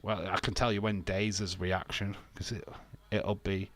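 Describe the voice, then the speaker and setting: A man's voice: low voice, little pitch movement, unhurried. A British man hosting a casual live watch-along, bantering and reading chat comments aloud with frequent laughs. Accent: British English. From England.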